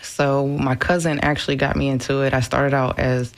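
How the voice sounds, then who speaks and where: A woman's voice: very deep voice, level tone, moderate pace. A chatty woman in her forties, talking easily in a radio studio. She sounds upbeat and laughs often between her thoughts. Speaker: animal rescue founder and hair stylist, guest. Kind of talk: casual radio interview chat.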